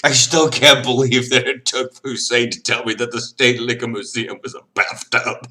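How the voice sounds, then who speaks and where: A man's voice: mid-range voice, little pitch movement, normal speed, sharp tone. A man chatting casually while he plays games on a stream. He is tipsy, rambles, jokes and giggles as he goes. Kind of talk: casual chat while gaming.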